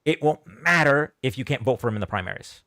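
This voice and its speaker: A man's voice: mid-range voice, expressive, fast, pushed and bright, no echo. A young man hosts a casual livestream and chats easily with his viewers, thanking each donor by name. His voice sits in a middling register. The sound is dry and close, recorded on a desk mic with no room around it. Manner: chatty, thanks donors, reads chat aloud. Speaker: livestream debate host.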